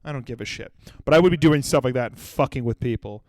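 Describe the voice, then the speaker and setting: A young man hosting a comedy podcast, telling a story in an animated way and acting out the people he quotes. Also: medium pitch, fast talker, no room sound, clean studio sound. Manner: animated storytelling with acted-out quotes and sudden shouts. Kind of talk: solo comedic monologue.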